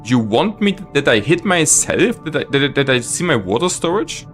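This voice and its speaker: Animated streamer ranting at his chat. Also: moderate pace, faint music behind. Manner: exasperated, ranting at chat with lively swings of pitch. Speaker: live streamer. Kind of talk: casual gameplay commentary.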